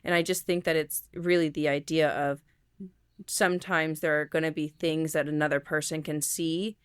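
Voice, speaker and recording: A woman's voice: sits low, little pitch movement, moderate pace, clear, resonant tone, dry recording, studio quality. A young woman co-hosting a casual podcast chat, rambling with lots of fillers and restarts. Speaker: podcast co-host.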